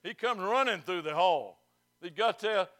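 Pastor, male, high clear voice; folksy sermon, slow and loud at the peaks, fast and quiet in the stories. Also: lively intonation, no echo, clean studio sound. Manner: folksy preaching, swings from loud slow declaiming to quick quiet anecdote. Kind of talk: sermon with storytelling. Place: church.

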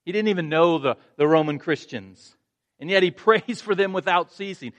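A man's voice: sits high, moderate pace, fairly bright tone, dull audio. A male pastor preaching a sermon, earnest, restarting phrases and rising to emphatic points.

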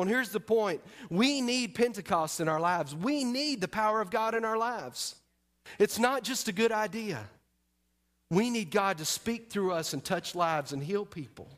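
A man's voice: a little high, moderate pace, fairly bright tone. A man preaching a sermon as pastor, telling a personal story with emphasis and speaking straight to the congregation.

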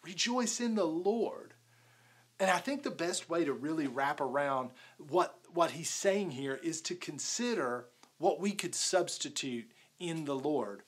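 A man's voice: sits high, fairly bright tone. A man preaching a sermon in a casual, conversational way, often saying "like". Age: adult, married with a daughter. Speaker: pastor.

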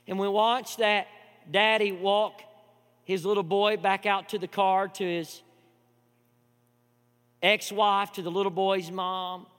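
A man preaching a sermon, moving between hushed storytelling and loud, impassioned preaching. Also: sits high, little pitch movement, slow, pauses often, clean tone. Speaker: pastor. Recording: long hall reverb with mains hum.

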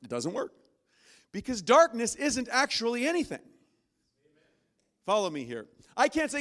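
A man preaching a sermon from a church stage, animated and acting out inner voices with sudden loud, high bursts. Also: normal speed, long pauses. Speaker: pastor.

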